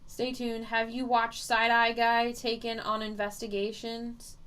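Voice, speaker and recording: A woman's voice: fairly high pitch, monotone, a little slow, fairly bright tone, clean tone. A woman psychic medium chatting casually on a livestream, reading viewer comments aloud and laughing often as she rambles.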